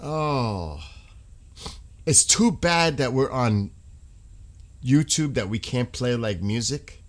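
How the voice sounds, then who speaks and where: Male streamer, mid-pitched, loose, laughing, rambling chat with his audience. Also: expressive, slow pace. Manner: laughing, rambling, breaks into sung snippets. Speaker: livestream host. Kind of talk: casual live-stream chat.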